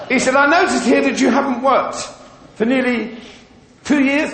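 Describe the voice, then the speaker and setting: High-voiced comedian on a booming stage. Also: male voice, very animated, fairly quick, slight background noise. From England. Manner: bawdy joke-telling, slipping into character voices. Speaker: stand-up comedian. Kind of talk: stand-up comedy routine. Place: live comedy venue. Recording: echoey live venue with loud crowd laughter. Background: audience laughing.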